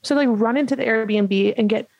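A woman in her twenties telling a funny story in casual chat as a podcast co-host, animated and full of "like" fillers. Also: on the high side, normal speed, gravelly, no echo, highs cut off. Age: 20s. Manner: animated, many "like" fillers, laughs while telling.

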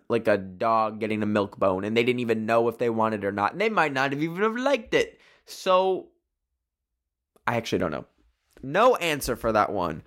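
Rambling young man, animated chat. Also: medium pitch. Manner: rambling, animated, heavy use of "like". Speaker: podcast host. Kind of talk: casual solo chat.

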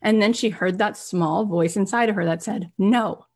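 A woman telling an inspirational success story, animated, acting out the people in it. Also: medium pitch, moderate pace, husky. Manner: animated retelling with acted quotes, rising intensity. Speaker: motivational speaker.

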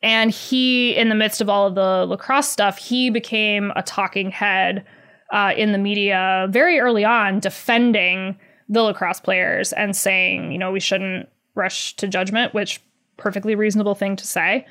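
Animated, chatty woman journalist. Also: mid-range voice, unhurried. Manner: animated, many "like" fillers, sarcastic laughs. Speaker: journalist guest. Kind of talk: conversational interview.

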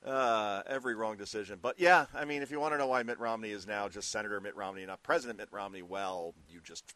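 Sarcastic male radio host, bright tone, dry close mic. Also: lowish voice, fast talker, no room sound. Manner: sarcastic, animated, riffing. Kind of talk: talk radio monologue and call-in.

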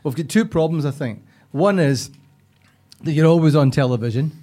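Laughing podcast host. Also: male voice, on the high side, moderate pace, mellow. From Scotland. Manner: chatty and laughs easily. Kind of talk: casual chat.

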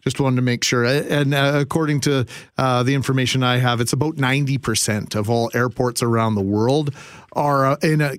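A man's voice: medium pitch, steady tone, a little fast, no room sound. A man hosting talk radio in a conversational, polite way, with many fillers. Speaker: radio host.

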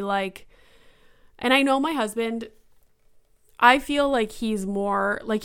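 A woman in her thirties hosts her podcast alone and rambles through her thoughts, stacking filler words as she goes. Her voice is smooth and clean, sitting right in the middle of the usual pitch for women. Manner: rambling, thinking aloud with many fillers. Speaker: podcast host. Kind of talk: casual solo monologue.

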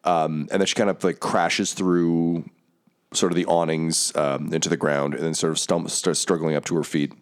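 A man's voice: very deep voice, flat delivery, moderate pace, clean tone. A man narrating a tabletop game as game master, casual and laid-back with lots of fillers.

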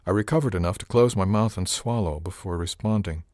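A man with a very low, deep voice narrates a first-person audiobook. His delivery is measured and wry. The sound is dry and close, with no room around it. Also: a little mellow, dry recording.

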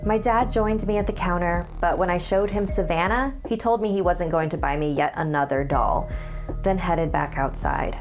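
Hushed woman narrating horror. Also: lowish voice, normal speed. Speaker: podcast host and narrator. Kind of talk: scripted horror story narration. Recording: music underneath.

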